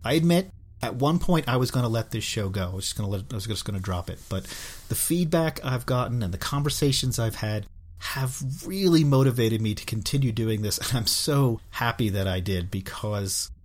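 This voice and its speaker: A man hosting a casual comic book podcast, chatty and earnest, often trailing off softly. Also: mid-range voice, expressive, fairly quick. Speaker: podcast host.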